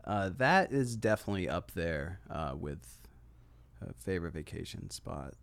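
Easygoing low-voiced young man. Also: sing-song, moderate pace, creaky, no room sound. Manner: laid-back, hesitant, trailing off. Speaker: podcast guest. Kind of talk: casual chat.

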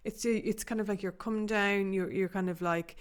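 A woman's voice: medium pitch, steady tone, normal speed. A woman hosting a conversation, asking long, rambling questions full of fillers. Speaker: podcast host. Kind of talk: casual chat.

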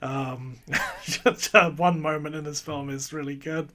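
Bright-voiced man chatting and laughing. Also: on the high side, steady tone, a little slow. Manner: laughs often while talking. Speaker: podcast co-host. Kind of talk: casual film discussion.

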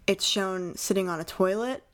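A young woman co-hosting a casual podcast, chatting about a movie in an animated, incredulous way with lots of fillers. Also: mid-range voice, normal speed. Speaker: podcast co-host. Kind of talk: casual chat reviewing a movie.

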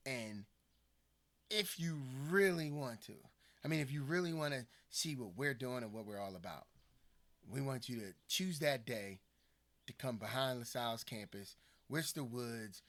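A man from the Philadelphia area talks casually on a podcast, telling stories and acting out what others said. His voice is bright and forceful, and he sits mid-pitch for a man. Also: normal speed. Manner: animated storytelling, acts out quoted people. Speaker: podcast co-host. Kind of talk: casual conversation.

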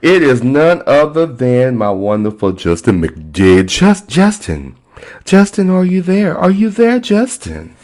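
A man's voice: on the high side, very animated, a little slow, darkish tone. A man hosting a podcast in a casual, sassy, playful way. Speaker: podcast host.

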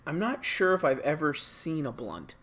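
A man's voice: a little high, wildly swooping pitch, normal speed, fairly bright tone. A man co-hosting a podcast in casual chat, rambling with playful exaggeration and jokes. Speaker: podcast co-host.

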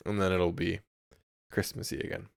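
A man's voice: low voice, level tone, normal speed, vocal fry. A man co-hosting a podcast, riffing playfully in casual chat. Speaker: podcast co-host.

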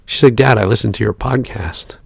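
A gravelly man in his forties tells a story on a podcast, animated and profane. His voice sits in a middle range, with a dry, close sound and no room around it. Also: lowish voice, fairly quick, no room sound. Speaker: podcast co-host. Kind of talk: casual chat, storytelling.

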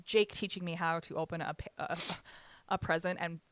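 A woman's voice: on the low side, steady tone, moderate pace, dry recording. A young woman telling an emotional personal story in candid conversation, swearing freely and laughing through the pain.

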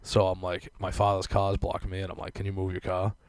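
A man's voice: deep voice, completely flat delivery, quick pace, smooth, dry recording. A young man telling a long, rambling, profane story in casual chat, full of fillers.

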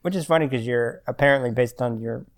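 A man's voice: mid-range voice, fast. A man hosting a podcast, chatting casually with dry, wry humor. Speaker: podcast host. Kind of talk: casual chat.

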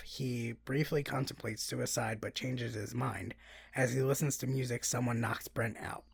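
Woman podcast co-host, gravelly and husky, rambling, giggly, dry close mic. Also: rumbling low, no room sound. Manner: laughs often, rambling with many "like" fillers. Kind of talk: casual chat, reading a plot summary.

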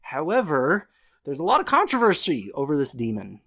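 A man's voice: fairly high pitch, wildly swooping pitch, moderate pace, creaky, pushed and bright. A man co-hosting a casual podcast chat, explaining things and often breaking into laughter. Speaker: podcast co-host.

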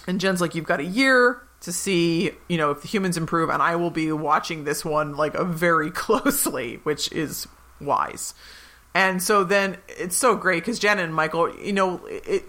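Bright-voiced woman doing a chatty recap. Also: fairly low pitch. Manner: animated, quotes characters in quick put-on voices. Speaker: podcast co-host. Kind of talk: casual episode recap chat.

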